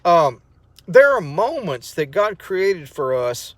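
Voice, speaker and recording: Middle-aged man, vlogger; heartfelt, halting storyteller, fairly high pitch, dry close mic. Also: very animated, no echo. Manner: rambling, emotional storytelling with many restarts. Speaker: vlogger sharing a testimony. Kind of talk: casual spoken testimony.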